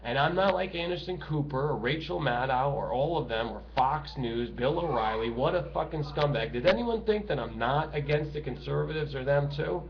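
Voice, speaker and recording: A middle-aged man delivering a bitter, profane monologue to camera, swinging between shouting and hushed talk. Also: fairly high pitch, normal speed, creaky, hardly any pauses. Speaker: political video ranter. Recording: dull lo-fi home recording with noise.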